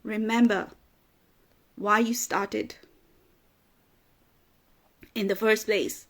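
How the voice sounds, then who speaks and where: A woman's voice: mid-range voice, steady tone, very slow, long pauses. A woman business coach giving an emphatic motivational talk, repeating phrases for emphasis and getting emotional at times. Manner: gets emotional, laughs through tears.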